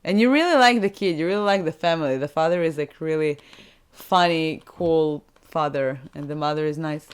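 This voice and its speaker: A woman's voice: low voice, normal speed, hardly any pauses, smooth. A woman co-hosting a casual movie recap podcast. She chats freely, retells scenes and sometimes stops to search for the right English word. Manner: searches for English words, asks how to say them; chatty, retells scenes with laughs. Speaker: podcast co-host.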